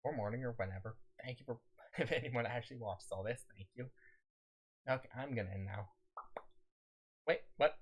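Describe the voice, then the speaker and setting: A man streaming a game, chatting casually to viewers in a rambling way, laughing often and talking on in a raised pitch, his throat a little scratchy. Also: moderate pace, pauses often, slightly rough.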